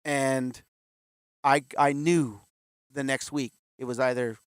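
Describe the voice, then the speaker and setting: A man's voice: medium pitch, steady tone, slow, smooth, no room sound. A man in his fifties, a guest in an interview, telling his story candidly and acting out the voices of the people he quotes. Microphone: video call.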